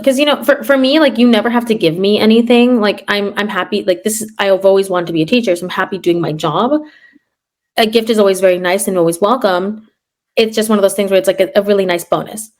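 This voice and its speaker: A young adult woman who teaches third grade, hosting a casual chat and telling classroom stories with sarcasm. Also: mid-range voice. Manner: sarcastic, animated storyteller acting out classroom quotes.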